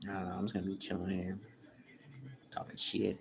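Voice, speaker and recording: A man's voice: sits low, monotone, a little fast, vocal fry, a crowd in the background. A young man livestreaming, answering chat questions in crude, profane, slangy banter. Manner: reads chat questions aloud and answers bluntly.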